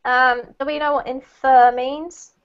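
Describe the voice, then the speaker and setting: A woman's voice: sits high, little pitch movement, measured pace, clean tone. A woman teaching an online English class, patient and encouraging, laughing easily as she corrects pronunciation. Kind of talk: online group English lesson. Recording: lo-fi online call audio.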